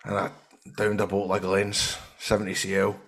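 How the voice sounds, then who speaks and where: A Scottish man tells rambling, sweary anecdotes as a podcast guest. His voice is bright and forceful. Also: lowish voice, completely flat delivery, moderate pace, gravelly. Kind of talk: casual storytelling chat.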